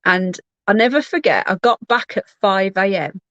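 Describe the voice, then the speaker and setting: A woman's voice: mid-range voice, animated, moderate pace, fairly bright tone, no echo, dull audio. Chatty woman telling a story. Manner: candid, rambling, frequent restarts. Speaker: livestream host. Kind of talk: casual personal storytelling.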